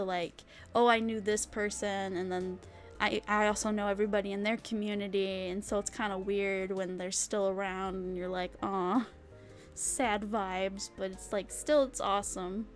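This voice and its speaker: A young woman streaming, chatting casually and rambling with lots of fillers and giggles. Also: medium pitch. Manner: bubbly, giggly, rambling with many "like"s. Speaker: vtuber streamer. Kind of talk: casual chat with chat readers.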